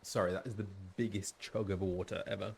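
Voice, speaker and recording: A man's voice: sits low, fairly even intonation, fairly quick, gravelly, darkish tone, slight background noise. A man, a voice actor, chatting casually and with many fillers while streaming a game.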